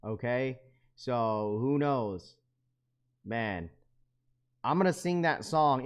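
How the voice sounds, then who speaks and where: A young man at a middle pitch, chatting casually through a live stream. He reads viewer comments aloud and answers them in loose, slangy talk. When he gets worked up, his voice jumps loud and high. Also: slow pace, long pauses, clear, resonant tone. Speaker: livestream host.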